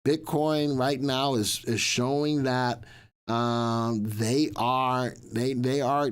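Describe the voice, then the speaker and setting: A man hosting a live stock market show, with a voice of middling pitch. He talks casually and chattily, often saying a line twice as he works through the news. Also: fairly even intonation, takes it slowly, smooth. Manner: chatty and repetitive, restating lines as he goes. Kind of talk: casual livestream market commentary.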